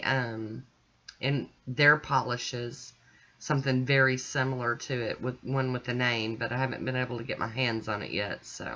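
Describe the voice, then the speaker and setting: A middle-aged woman hosting a nail art channel, calmly talking through each step of her manicure in a relaxed, chatty way. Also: very deep voice. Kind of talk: casual tutorial narration. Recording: dull lo-fi sound.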